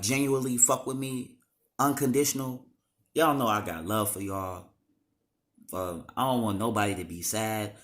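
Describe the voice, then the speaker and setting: A man's voice: on the low side, fairly bright tone. A young man talking straight to the camera in a raw, emotional monologue, slangy and full of swearing.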